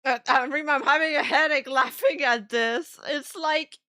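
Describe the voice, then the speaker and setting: Excitable young woman streamer, bright voice. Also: high-pitched, moderate pace, no echo, clean studio sound. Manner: excitable, laughs often, swears freely. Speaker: VTuber streamer. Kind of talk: livestream reaction commentary.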